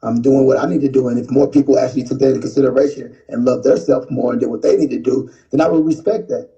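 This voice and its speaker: Gravelly, dark-voiced man on lo-fi audio. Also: mid-range voice, steady tone, fast talker. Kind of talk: explaining his views in a talk clip. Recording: dull lo-fi clip audio.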